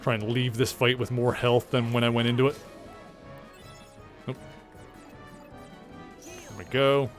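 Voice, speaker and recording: A man's voice: mid-range voice, fairly even intonation, unhurried, long pauses, faint music behind. A man streaming a video game, chatting casually in a rambling way, full of fillers and the odd swear word. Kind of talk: casual gameplay commentary.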